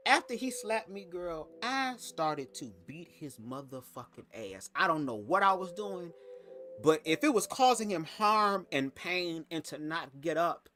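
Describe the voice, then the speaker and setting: A young man telling a personal story to camera in a casual, sassy, profane way. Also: sharp tone. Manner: profane, sassy, emphatic with big pitch swings. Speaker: storytime vlogger.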